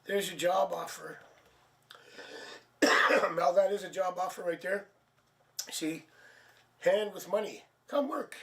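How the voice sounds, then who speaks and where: Tired, high-voiced man reading tarot live. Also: slow pace, gravelly, pauses often, a bit bright. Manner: chatty, laughs at himself, thinks aloud. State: tired, low energy. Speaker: tarot reader hosting a live stream. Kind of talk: casual live-stream chat and card reading. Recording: distant mic, faint background noise.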